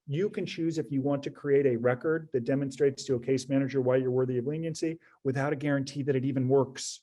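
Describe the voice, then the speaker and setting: A man's voice: mid-range voice, steady tone, quick pace, mellow. A man advising an audience in a webinar talk, direct and emphatic, often repeating his key phrases. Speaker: prison preparation advisor.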